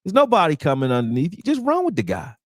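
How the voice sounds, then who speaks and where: A man's voice: on the high side, fast, dry recording, clean studio sound. A young man hosting a casual, profane breakdown of football game film, talking straight to his viewers. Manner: animated, profane, exasperated, talks to viewers as y'all. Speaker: sports channel host breaking down game film. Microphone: close desktop mic, screen sharing.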